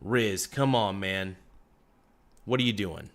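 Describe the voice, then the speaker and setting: A man's voice: lowish voice, takes it slowly, fairly bright tone. A young man hosting a casual livestream, reading out chat comments with joking, teasing banter. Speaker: livestream host.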